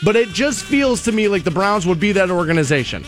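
Opinionated high-voiced man. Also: lively intonation, a little fast, fairly bright tone, soft background music. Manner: opinionated, builds arguments with repeated lines. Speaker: radio sports show host. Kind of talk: casual sports talk.

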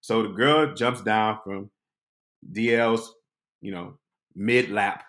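A man hosting a podcast, telling a comic personal story with animated delivery, acting out voices. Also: lowish voice, slow pace. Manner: animated, acts out voices and quotes. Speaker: podcast host.

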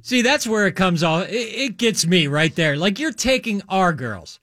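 An American man banters in a high, lively voice with a bright, forceful edge. He talks with a joking, mock-indignant manner. The sound is dry and close. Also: moderate pace, no echo. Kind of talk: casual banter.

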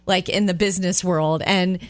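Animated female radio co-host. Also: fairly low pitch, normal speed, no room sound. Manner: animated storyteller, acts out quoted voices. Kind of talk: morning radio chat and storytelling.

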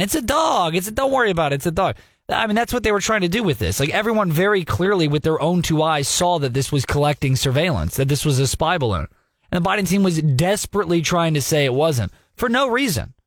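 A young man hosting a radio news talk segment, giving sarcastic, animated commentary with mocking asides. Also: a little high, dry recording, studio quality.

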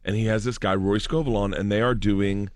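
A man's voice: on the low side, fairly even intonation, fairly quick, no room sound, studio quality. A man telling a rambling story on a podcast, laughing as he talks. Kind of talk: casual storytelling.

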